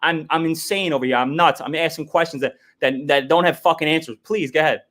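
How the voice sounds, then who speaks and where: A fired-up man arguing on a livestream, his voice pitched a little high. He swears freely, stumbles over repeated words and keeps demanding a straight answer. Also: quick pace, a bit bright. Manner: profane, heated, repetitive, demanding answers. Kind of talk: confrontational livestream argument.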